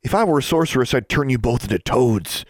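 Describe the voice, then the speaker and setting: A man's voice: medium pitch, animated, dry recording, clean studio sound, voice pushed up, natural voice. Man voicing Alexandra, a defiant young witch. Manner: sharp, defiant, quick retorts.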